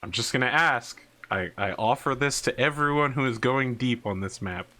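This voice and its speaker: A man's voice: medium pitch, normal speed, bright, forceful tone. A man narrating and running a tabletop wargame as game master, laid-back and thinking aloud.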